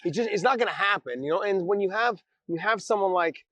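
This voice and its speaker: A man's voice: high voice, fast, bright, forceful tone, dry recording. A man co-hosting a podcast, rambling in casual chat with frequent restarts and easy laughs. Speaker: podcast co-host.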